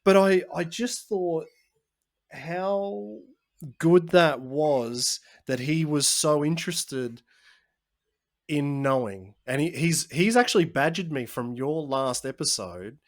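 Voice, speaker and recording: A man hosting a podcast, telling a story in casual chat with animated asides. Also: on the high side, takes it slowly. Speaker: podcast host.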